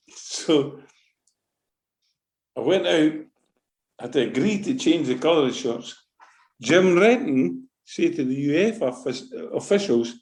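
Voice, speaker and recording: A Scottish man, a former football manager, telling lively anecdotes in an interview and acting out what people said. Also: on the high side, a little slow, vocal fry, long pauses. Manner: lively anecdotal, acts out quotes, swears. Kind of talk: animated storytelling interview. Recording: roomy echo.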